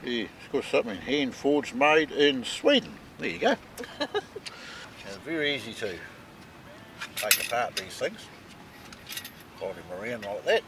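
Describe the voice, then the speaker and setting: Chatting at a campsite for a vlog he co-hosts, this New Zealand man shows off his gear and keeps dropping "mate" and "eh." His medium-pitched voice is sing-song and a little slow, with frequent pauses and heavy background noise.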